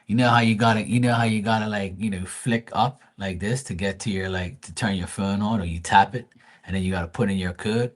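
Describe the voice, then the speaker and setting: Husky low-voiced man rambling. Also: fairly even intonation, fairly quick. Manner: rambling, profane storyteller. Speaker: live stream host. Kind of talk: casual chat.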